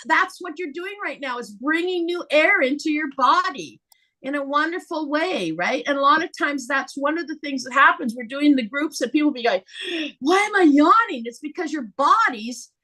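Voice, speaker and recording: Brief high, bright woman guiding laughter yoga on a video call, animated, laughs easily. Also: normal speed. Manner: animated, breaks into laughter, guides breathing. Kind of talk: leading a live laughter yoga session.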